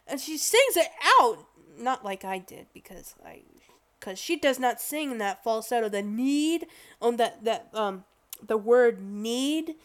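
A woman vlogger giving casual, rambling music commentary, excitable and full of exclamations and restarts. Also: a little high, unhurried.

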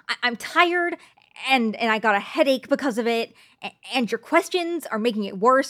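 A woman voicing a sarcastic, irritable young woman in an audio role-play, curt and full of swearing. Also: mid-range voice.

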